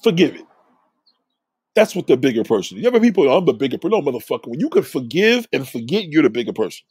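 A man's voice: fairly high pitch, sing-song, fast talker, a little mellow, husky, dry recording. A man hosting a livestream, reading chat comments aloud and ranting at them in a preachy, profane, confrontational way.

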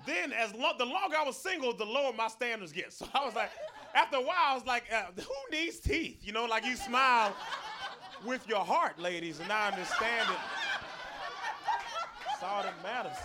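A man's voice: very high voice, expressive, normal speed, background noise. A young man doing a stand-up comedy set, telling self-mocking stories with lots of asides to the crowd.

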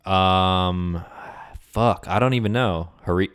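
Low, smooth-voiced blunt young man. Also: normal speed. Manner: blunt, swearing, laid-back. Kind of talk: casual chat among friends.

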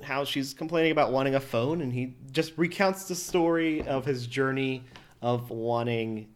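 A man's voice: mid-range voice, moderate pace. Rambling male podcast film critic. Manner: rambling, restarts often, critical. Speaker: podcast co-host. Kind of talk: casual film review chat.

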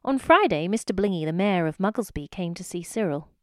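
A woman's voice: on the low side, lively intonation, fairly quick, no echo, studio quality. A woman reading a children's story aloud expressively, speaking directly to the listener.

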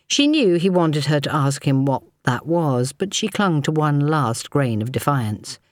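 A woman's voice: low voice, big pitch swings, a little slow, few pauses, no room sound. Dry, close woman narrating an audiobook.

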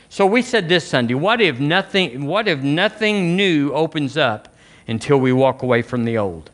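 A man's voice: mid-range voice, lively intonation, normal speed, a bit bright. A man preaching a sermon, talking conversationally to the congregation and asking them questions, often restarting and repeating phrases. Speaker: pastor.

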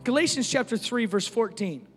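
High-voiced preacher booming in a reverberant hall. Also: male voice, normal speed, husky. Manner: swings from shouting highs to soft low asides; animated, jokey, uses casual filler. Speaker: pastor. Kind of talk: sermon. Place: church hall. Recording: long hall reverb, faint music.

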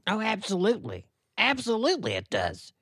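A man voicing Mister Possum, a folksy rural male possum character, talking in a deadpan, rambling drawl on a comedy podcast. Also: sits high, brisk, gravelly, husky, no room sound, studio quality, exaggerated voice. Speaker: co-host.

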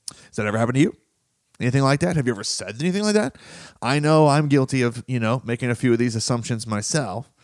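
A man's voice: on the high side, no room sound, studio quality. A man hosting a motivational talk show in an earnest, conversational way. He often asks his listeners questions and laughs now and then. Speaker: podcast host.

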